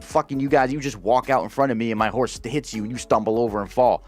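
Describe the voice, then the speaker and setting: A man's voice: mid-range voice, fairly even intonation, fast, faint music behind. A man hosting a gaming channel, ranting casually and profanely, exasperated and full of restarts.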